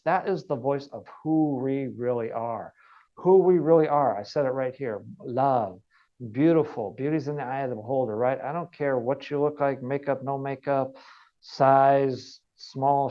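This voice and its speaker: A man's voice: mid-range voice, dull audio. A man working as a wellness coach, giving an earnest motivational training talk and repeating phrases for emphasis.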